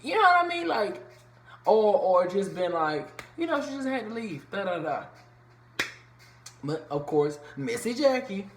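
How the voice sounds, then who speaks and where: Profane chatty reviewer in an echoey room. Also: mid-range voice. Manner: loose, profane, chatty slang with many fillers. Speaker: reality TV reviewer. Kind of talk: casual episode recap. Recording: echoey room with faint background noise.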